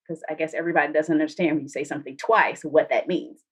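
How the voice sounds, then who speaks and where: A woman's voice: deep voice, racing, hardly any pauses, husky. A woman who is a guest on a podcast, telling stories animatedly and acting out the people in them. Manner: animated, acts out quoted voices. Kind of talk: storytelling in a podcast interview.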